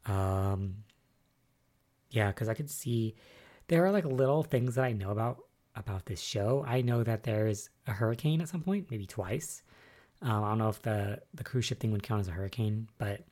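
Recapping soap episodes alone, this podcast host muses aloud and meanders with lots of filler words, sounding excited but wary of spoilers. The voice sits in the mid-range at a moderate pace.

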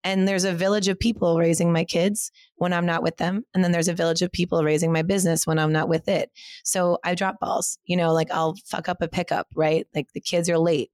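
A woman's voice: on the low side, little pitch movement, fairly quick, a little mellow, no room sound. A woman who co-founded a cycling studio, speaking frankly in a casual interview, swearing freely and saying "like" a lot. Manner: frank, profane, heavy with filler words. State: mother of two.

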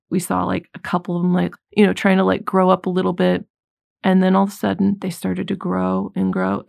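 A woman giving an earnest, conversational faith talk, mixing scripture with personal stories and getting animated when she acts out her own thoughts. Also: fairly low pitch, creaky, no room sound, clean studio sound. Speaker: Christian speaker.

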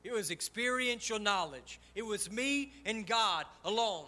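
A male pastor preaching an impassioned sermon, swinging between loud and soft as he gives personal testimony. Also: high voice, lively intonation, unhurried, hardly any pauses. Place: church sanctuary.

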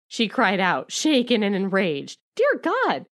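A woman's voice: medium pitch, huge pitch swings, slow, a bit bright, no room sound, clean studio sound. A woman co-hosting a comedic book-club chat, reading passages aloud with sarcastic, giggly mock melodrama. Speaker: podcast co-host.

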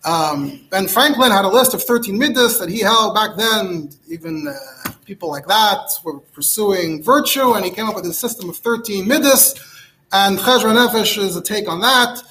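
Rabbi, teaching halacha class, high bright voice, rambles fillers. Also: male voice, moderate pace, a little hiss or hum. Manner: chatty, digressive, many fillers and restarts. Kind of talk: informal Torah lecture.

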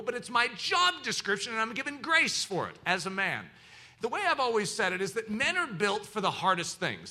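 Bright, lively preaching man. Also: high-pitched. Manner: emphatic, preacherly teaching. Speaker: pastor. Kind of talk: sermon.

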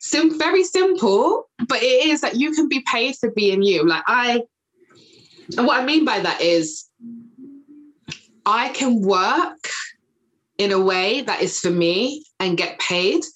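A woman in her thirties talking as a podcast guest in a relaxed, casual chat. She is animated and leaps up in pitch whenever she acts out what she once said or thought. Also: takes it slowly, long pauses, low-quality recording. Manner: animated, acts out past conversations in a higher voice.

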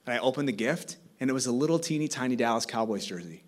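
A man in his thirties sharing a personal testimony as a guest speaker at church, storytelling warmly and growing animated. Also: medium pitch, fast talker. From South Korea. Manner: storytelling, animated when excited, soft in prayerful parts. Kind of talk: testimony sermon.

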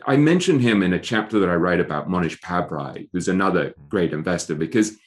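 A man's voice: deep voice, expressive, brisk. A middle-aged man speaking as an author in an interview, thoughtful and given to restarting his sentences. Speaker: author guest. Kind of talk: interview conversation.

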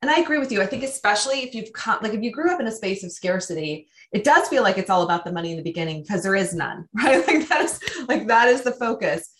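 A woman's voice: mid-range voice, animated, quick pace, few pauses. A woman hosting a podcast, enthusiastically recapping her guest's points for listeners. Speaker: podcast host. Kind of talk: conversational interview.

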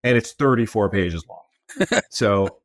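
A man's voice: on the low side, very animated, slow, no echo. A man co-hosting a podcast, easygoing and chuckling, with many fillers. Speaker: podcast co-host. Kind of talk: casual interview chat.

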